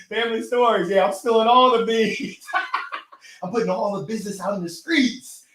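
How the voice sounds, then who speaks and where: Hosting a live motivational stream, an energetic man answers viewer comments at normal speed, laughing often in a higher-leaning voice. He speaks into a gold microphone in an echoey room.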